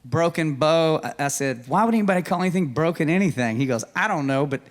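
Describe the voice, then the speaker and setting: A man's voice: a little high, fast talker. Man telling a story. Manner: animated storyteller, acts out dialogue. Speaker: songwriter guest. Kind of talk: storytelling chat. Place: stage of a live music show.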